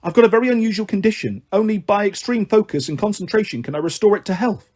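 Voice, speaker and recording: A man's voice: high voice, quick pace, a little mellow. A man voicing a self-important vet in a storybook, pompous and waffling.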